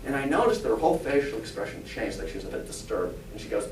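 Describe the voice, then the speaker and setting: A fast talker with a sing-song voice, this man is a spiritualist pastor and medium giving a relaxed sermon in a church hall, full of jokes and rhetorical questions for the congregation. The far-off mic catches church echo and a faint rumble.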